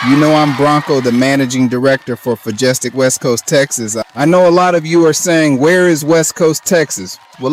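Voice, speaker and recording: Laughing young cowboy comic, noisy background. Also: male voice, medium pitch. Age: young adult. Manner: folksy cowboy talk, laughing through punchlines. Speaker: stand-up comedian. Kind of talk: comic stand-up monologue.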